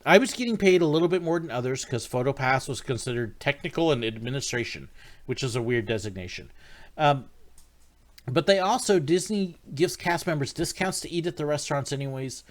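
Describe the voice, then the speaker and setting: A man's voice: medium pitch, expressive, brisk. A man hosting a casual livestream, answering viewer questions in a rambling, friendly way with frequent ums. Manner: friendly, greets viewers by name. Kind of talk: casual live-stream chat.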